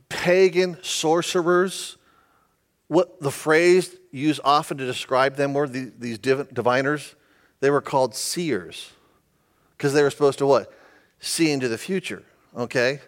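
A male pastor giving a humorous, conversational sermon, often asking the audience questions. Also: a little high.

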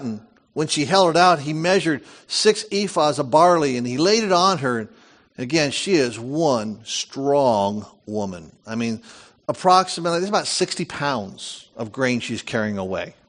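Animated man preaching a sermon. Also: medium pitch, moderate pace. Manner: animated storytelling, reads scripture with lively asides. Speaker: pastor.

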